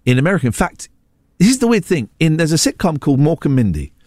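A British man in his forties, a radio show host, chatting casually and telling animated, self-mocking stories. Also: on the high side, quick pace, no echo, studio quality. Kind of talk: casual chat.

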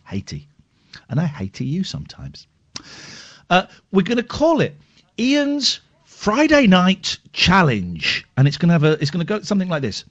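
A male radio host in casual, playful, self-mocking banter, drawling some words and rushing others. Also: fairly high pitch, sing-song. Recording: lo-fi radio broadcast.

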